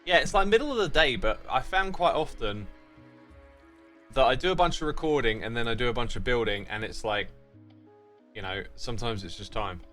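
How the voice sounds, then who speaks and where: A man's voice: mid-range voice, a little fast, a bit bright, faint music behind. A British man streaming a game, thinking aloud and chatting with his viewers in a casual way. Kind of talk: casual livestream commentary.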